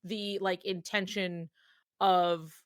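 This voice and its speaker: A woman co-hosting a casual fan discussion podcast, talking in a rambling, animated way with lots of filler words. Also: mid-range voice, takes it slowly, dry recording, studio quality.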